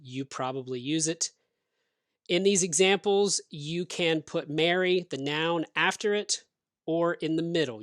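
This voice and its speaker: A man teaching English grammar, explaining rules slowly and clearly with example sentences. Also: fairly high pitch, fairly bright tone, dry recording, clean studio sound. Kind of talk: grammar lesson.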